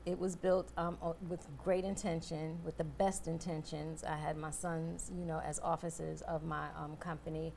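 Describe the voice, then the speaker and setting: A woman's voice: low-pitched, flat delivery, normal speed, creaky, few pauses, a little mellow, a little hiss or hum. A woman guest speaking in an interview, emotional and grateful, often stopping to restart her sentences. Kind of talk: earnest interview talk.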